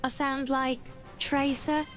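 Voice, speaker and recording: A woman's voice: high-pitched, level tone, slow pace, soft background music. A young woman streaming a video game and chatting casually, giggling often and restarting her sentences. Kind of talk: casual livestream chat while gaming.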